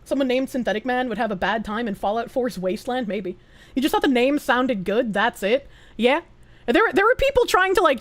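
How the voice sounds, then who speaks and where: A woman streamer chatting casually and reading viewer messages aloud, blunt, swearing a lot and laughing often. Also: sits high.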